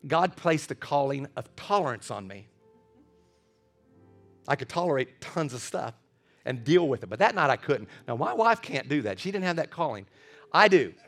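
A middle-aged man preaching a sermon in an animated way, often stammering over repeated words and laughing. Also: a little high, normal speed, long pauses, soft background music. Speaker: pastor.

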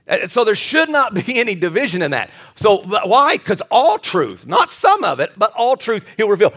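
High-voiced man preaching a sermon. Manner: animated preaching, storytelling with bursts of shouting. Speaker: pastor.

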